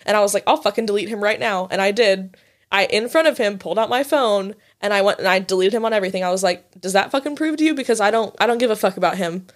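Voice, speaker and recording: A young woman in her twenties rambles through a story on a podcast, full of "like" and swearing. She laughs as she goes, her voice sitting at an ordinary middle pitch. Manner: fast, profane, laughing, filler-heavy "like". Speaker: podcast co-host. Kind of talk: casual storytelling chat.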